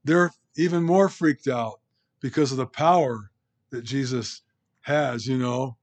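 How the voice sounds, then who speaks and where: A man's voice: medium pitch, measured pace. A man leading a Bible study, reading scripture aloud and explaining it informally, with rhetorical questions to the group. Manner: reads scripture aloud between comments. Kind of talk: conversational Bible teaching.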